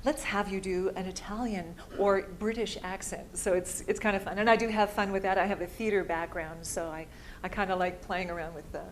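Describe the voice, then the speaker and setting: A woman's voice: mid-range voice, steady tone, brisk, a little hiss or hum. A woman voice-over artist answering audience questions at a live panel, chatty and upbeat, laughing easily.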